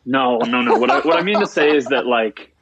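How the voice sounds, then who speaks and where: A man's voice: mid-range voice, fairly quick, dull audio, crowd noise. A man talking as a podcast guest in loose, rambling chat, swearing freely and filling with "like". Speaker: musician guest.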